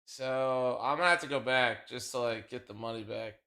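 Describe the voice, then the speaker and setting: With a mid-range, pushed, bright voice at normal speed, this man runs a live-stream watch party. He's loose and slightly nasal, swearing, laughing, and chatting directly with his viewers.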